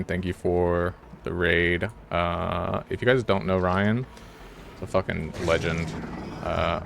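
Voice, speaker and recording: A man's voice: low voice, gravelly, fairly bright tone, a little hiss or hum. A young man streaming a game, chatting casually with his viewers in a laid-back, rambling way. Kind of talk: casual live-stream chat while gaming.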